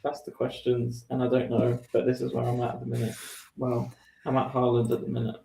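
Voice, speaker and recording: A man with a gravelly, creaky edge to his voice talks through his team picks in a loose, musing way, often laughing and letting sentences trail off. He sounds like he is in an echoey room. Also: mid-range voice, completely flat delivery, brisk, warm tone, slight background noise. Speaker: fantasy football podcast co-host. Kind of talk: casual chat.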